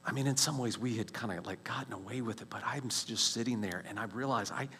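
A man in his forties sharing a personal faith testimony as a story, animated, with many restarts and quiet, hushed stretches at tense moments. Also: medium pitch, fast, slight background noise.

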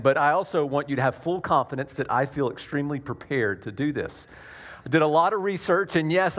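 A man's voice: mid-range voice, fairly bright tone. A man with a Southern US accent preaching a sermon to his congregation, earnest and self-deprecating, with frequent restarts and dad jokes. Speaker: pastor.

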